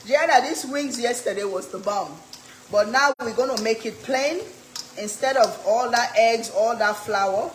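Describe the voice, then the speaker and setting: A woman's voice: fairly high pitch, unhurried, slight background noise. A middle-aged woman from Africa, hosting a cooking channel and chatting with viewers by name as she cooks. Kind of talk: casual live cooking chat. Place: home kitchen. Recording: echoey kitchen with sizzling oil.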